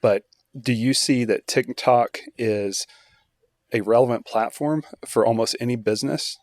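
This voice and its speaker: A man hosting a podcast, asking measured questions in casual chat with frequent fillers. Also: medium pitch, a little mellow, no room sound, clean studio sound. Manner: asks measured questions, with um and you know. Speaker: podcast host.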